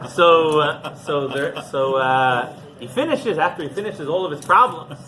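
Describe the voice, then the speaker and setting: A rabbi telling a story in a conversational sermon, halting and repeating himself as he goes. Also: on the high side, bright, forceful tone. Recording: noisy background.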